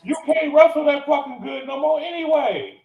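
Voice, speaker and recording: A man's voice: extremely high pitch, fairly even intonation, normal speed, creaky, darkish tone, reverberant, recorded from a distance, poor audio. A man delivering a furious, profane rant on a podcast recorded live on location. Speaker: podcast regular. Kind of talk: angry rant. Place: cigar lounge, live on location.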